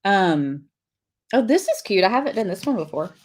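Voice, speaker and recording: A woman's voice: mid-range voice, sing-song, normal speed, slight background noise. A middle-aged woman, hosting a live lettering class, chatting casually and reading viewer comments while she draws. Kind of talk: live-streamed craft lesson.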